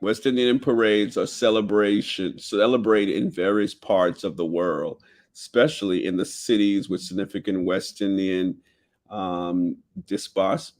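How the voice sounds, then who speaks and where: A man with a Jamaican accent and a fairly low voice reads through his notes as the host of a casual talk show. He keeps dropping into relaxed, chatty asides between the headings. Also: measured pace. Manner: reads headings aloud, drifts into loose asides. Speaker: podcast host.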